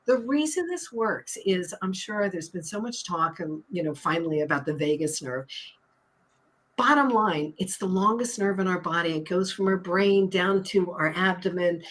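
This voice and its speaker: A woman's voice: lowish voice, animated, moderate pace, fairly bright tone, low-quality recording. A woman talking as a hypnotist and stress coach on a talk show, upbeat and emphatic, explaining things like a teacher. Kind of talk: casual talk show chat.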